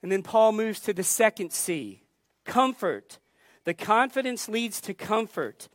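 A woman pastor delivers a sermon at an unhurried, measured pace, leaning on emphatic repetition. Her voice sits in a middle register and sounds close and dry, with no room echo. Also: mid-range voice, animated. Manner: deliberate, emphatic preaching with repeated phrases.

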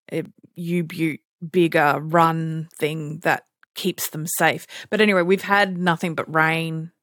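An Australian woman co-hosting a podcast, chatting casually and telling animated stories, often laughing and acting out other people's voices. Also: on the low side, no room sound, studio quality. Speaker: podcast co-host. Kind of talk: casual chat.

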